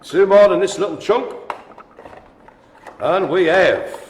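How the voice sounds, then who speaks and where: A man's voice: high-pitched, takes it slowly, slight background noise. A man calling a live-streamed bingo game in an indoor room with a small audience, chatty and teasing. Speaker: bingo caller. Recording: echoey room.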